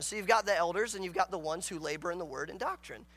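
A man's voice: high-pitched, fast, hardly any pauses, a bit bright. A man preaching a morning sermon as a pastor, earnest and emphatic, reading scripture aloud and acting out the characters' dialogue.

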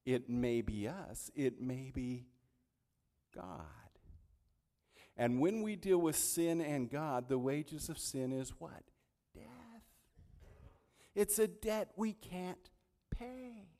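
A man with a high-pitched voice preaches a sermon, dropping to soft asides and then rising to loud, emphatic peaks. His voice carries a long reverb from a large hall. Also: lively intonation, slow, long pauses. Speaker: pastor.

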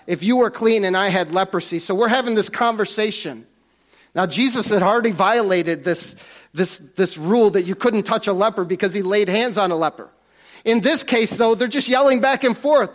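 A man preaching a casual, conversational sermon to a congregation in a church, often restarting and repeating words. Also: high voice.

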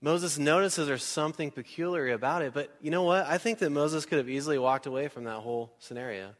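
A male pastor preaching a sermon in a church hall. He talks in a conversational, animated way, asks the crowd questions and acts out little scenes. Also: a little high, fairly quick. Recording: long hall reverb.

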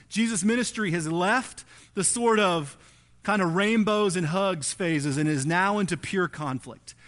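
A man's voice: a little high, fairly bright tone. A male pastor preaching a sermon in a church, telling the story in a conversational, emphatic way. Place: church before a congregation.

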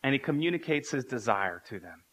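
Bright-voiced male preacher, earnest. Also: mid-range voice, big pitch swings, a little fast. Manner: earnest, repeats key phrases for emphasis. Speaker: pastor. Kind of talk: sermon.

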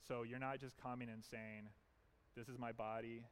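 A man's voice: medium pitch, flat delivery, moderate pace, a little hiss or hum. A man pastor preaching an earnest, emphatic sermon in a church, leaning on repetition.

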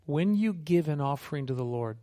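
Man, missionary preacher, sermon, joking storyteller, fairly high voice. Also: brisk, slight background noise. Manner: conversational, humorous, animated storytelling with acted quotes.

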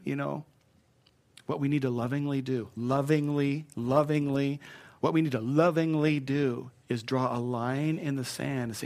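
A male preacher delivering a sermon in a loose, conversational way. He pokes fun at himself and circles back to repeat his main phrases for emphasis, at a middling pitch. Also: normal speed, a little mellow. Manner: conversational, self-deprecating, repeats key phrases.

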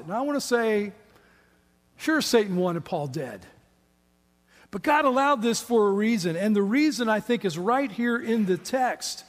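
A man's voice: lively intonation, moderate pace. A man preaching a sermon as pastor, building to emphatic, fervent peaks. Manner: impassioned preaching, rising to high emphatic peaks, then quiet in prayer. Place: church sanctuary. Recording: long reverb of a large hall.

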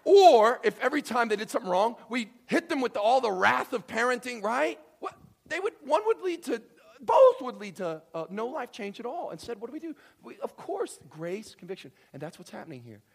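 A man preaching a sermon, telling a story with lively acted-out voices and swinging from quiet to loud. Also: very high voice, brisk, gravelly. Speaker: pastor.

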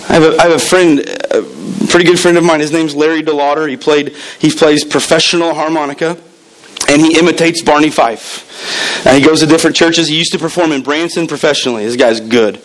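A man's voice: on the high side, fairly quick, rough recording. A man preaching a sermon in a church, telling stories and acting out the people in them. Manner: animated storytelling with acted quotes.

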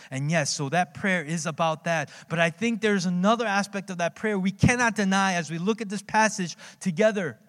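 A man preaching from a church pulpit, his voice sitting a little high and carried on a long, ringing hall reverb. He tells stories conversationally, often checking in with the congregation, and swings between soft low lines and lifted ones. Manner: conversational storytelling with dramatic pitch swings, many tag questions. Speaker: pastor. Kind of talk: sermon. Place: church sanctuary.

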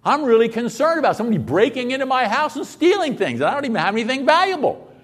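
A man's voice: very high voice, very animated, fast talker, a bit bright, husky, big-room sound. A man preaching a sermon as pastor, talking conversationally and putting rhetorical questions to his listeners.

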